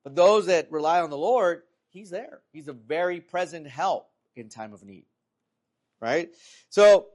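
Conversational preacher, man with animated delivery. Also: a little high, a little slow. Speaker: pastor. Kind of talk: sermon.

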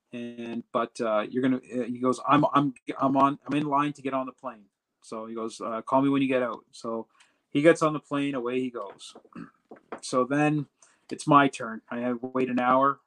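Casting: male pastor, interview guest, rambling anecdotal storyteller, plain mid-range voice. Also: medium pitch. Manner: rambling, animated, many fillers and restarts. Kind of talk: casual storytelling.

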